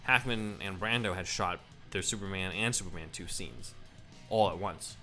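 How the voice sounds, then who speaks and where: A man with a fairly low voice co-hosting a podcast. He talks casually and informatively, dropping quick affirmations, while faint guitar music plays under the talk. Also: bright, forceful tone. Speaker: podcast co-host. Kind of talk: casual chat.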